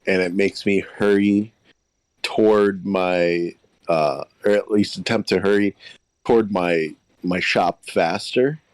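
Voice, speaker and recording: A man's voice: low voice, fairly even intonation, slow pace, dry recording. A man playing a tabletop role-playing game, musing hesitantly in character. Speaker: player. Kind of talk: casual tabletop play.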